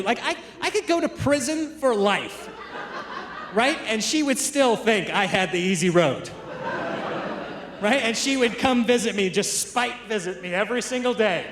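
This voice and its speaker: A male stand-up comedian telling stories to a live crowd, with quick asides to the audience, on a handheld stage mic. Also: sits high, animated. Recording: live stage mic with long hall reverb and crowd laughter.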